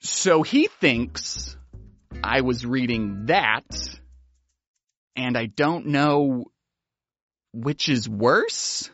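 Man doing a comedic book recap, sarcastic, very expressive pitch, slightly dull audio. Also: extremely slow, pauses often, no echo, faint music behind. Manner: animated, wry and sarcastic. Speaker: YouTuber.

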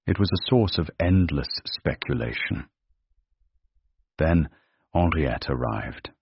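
A man narrating a period romance story in a measured, dramatic manner. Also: rumbling low, lively intonation, creaky, breathy edge, dry recording. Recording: dry, dull lo-fi.

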